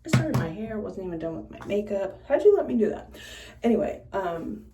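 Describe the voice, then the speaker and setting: A woman bartender casually telling stories while doing her makeup, blunt and animated, swearing freely. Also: mid-range voice, brisk, far from the mic. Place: room in a house. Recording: echoey room, away from the mic, faint noise.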